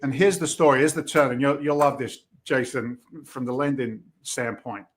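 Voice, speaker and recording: A middle-aged man with a Boston accent, talking at an average pitch on a podcast. He tells his stories with energy, acts out quoted dialogue and swears freely in a casual way. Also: steady tone, moderate pace. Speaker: podcast guest, real estate investor. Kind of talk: animated storytelling in conversation.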